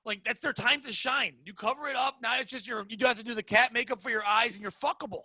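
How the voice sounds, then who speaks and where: A man hosting a podcast, cracking quick self-deprecating jokes in casual banter. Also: very high voice, steady tone, pushed and bright, no echo. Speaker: podcast host.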